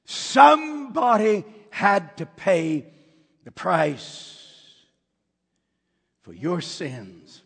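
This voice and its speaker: A man preaching a sermon, telling stories dramatically and swinging from near whispers to shouts. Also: high voice, wildly swooping pitch, very slow, gravelly, long pauses, slightly rough, long reverb tail.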